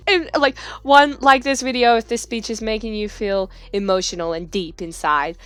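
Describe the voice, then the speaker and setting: A woman hosting a casual gameplay commentary, chatty and excitable in her reactions. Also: fairly high pitch, normal speed, few pauses, clean tone. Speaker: gaming channel host.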